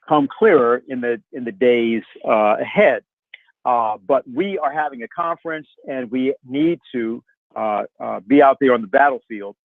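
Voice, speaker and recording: A man moderating a conference call, making casual announcements in a halting way with many fillers. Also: mid-range voice, no room sound. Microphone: telephone. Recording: narrow phone line.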